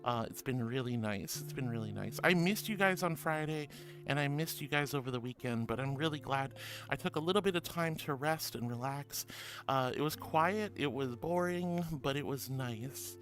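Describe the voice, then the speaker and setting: At a moderate pace and medium pitch, with a fairly bright tone, this man hosts a casual livestream while music plays. He reads chat out loud, warm and bubbly, addressing viewers as honey and sweetheart.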